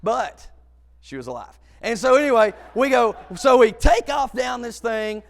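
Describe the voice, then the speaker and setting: A man telling a comic story, animated, acting out other people and shouting at the big moments. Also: very high voice, moderate pace, creaky, long reverb tail, slight background noise. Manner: animated, acts out voices and shouts.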